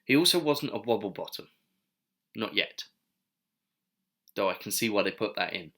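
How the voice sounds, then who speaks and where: A man's voice: lowish voice, expressive, moderate pace, fairly bright tone. A man giving casual, digressive history commentary with wry asides. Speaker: video essayist.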